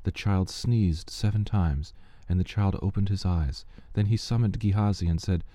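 A man reads scripture in a low, deeply dark voice. His delivery is measured and steady, recorded dry and close with no room sound. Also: no echo. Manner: measured, steady reading pace. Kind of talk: scripture reading.

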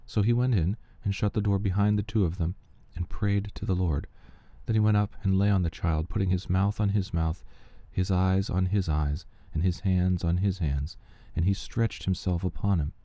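A man giving a steady, measured reading of Bible passages aloud, with the odd slip he corrects. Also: sits low, no room sound. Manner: steady, measured reading with small slips and restarts. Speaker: scripture reader.

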